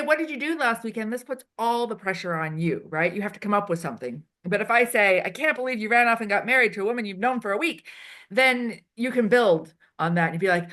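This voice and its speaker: Animated woman acting out examples. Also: mid-range voice, a little fast. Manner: animated, acts out quoted lines. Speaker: HR consultant and improv performer. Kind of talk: casual interview answers. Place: Switzerland.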